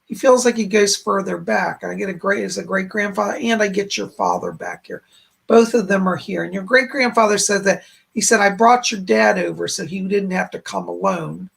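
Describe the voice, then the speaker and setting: A man hosting a live-stream psychic reading, relaying spirit messages in a gentle, reassuring way and repeating "she said" as he goes. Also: high voice, expressive, normal speed, gravelly, husky. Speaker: psychic medium host.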